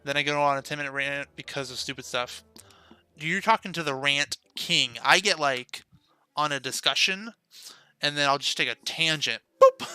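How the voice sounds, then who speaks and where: A man's voice: a little high, sharp tone, clean tone, no room sound. A young man streaming a game, chatting casually with viewers and laughing often. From United States. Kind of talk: casual live-stream chat while playing.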